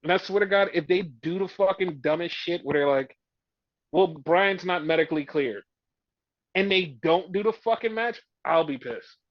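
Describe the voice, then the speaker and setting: Man, high voice, exasperated rant, swearing, casual podcast, muffled dry sound. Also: normal speed, few pauses, no room sound. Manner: ranting, exasperated, swears a lot. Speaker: podcast co-host. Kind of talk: casual wrestling review chat.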